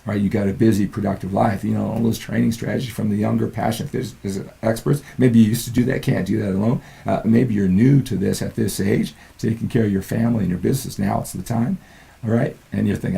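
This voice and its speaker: A man's voice: on the low side, fairly even intonation, fast talker, creaky, dark tone. An older man giving an earnest motivational talk as a fitness and mindset coach, often checking in with the listener. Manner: earnest, peppers lines with "right?".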